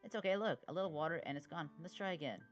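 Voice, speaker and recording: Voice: mid-range voice, very fast, dull audio, faint music behind, close to an everyday voice. A voice actor doing a plucky cartoon big sister. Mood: upbeat. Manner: bossy, encouraging, bold. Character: cheerful can-do big sister, a child. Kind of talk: animated web series voice acting.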